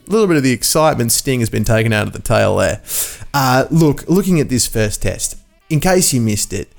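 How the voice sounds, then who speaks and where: This is a man who hosts a sports comedy podcast. He talks in a loose, rambling way with lots of self-mockery. His voice sits at an average pitch. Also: darkish tone. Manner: jokey, rambling, self-deprecating. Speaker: podcast host. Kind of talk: casual comedy podcast chat.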